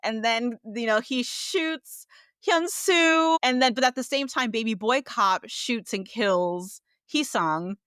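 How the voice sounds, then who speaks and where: High-voiced animated woman co-host. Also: slow, clean tone, no room sound, clean studio sound. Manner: animated, acts out characters' lines. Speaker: podcast co-host. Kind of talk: casual review chat.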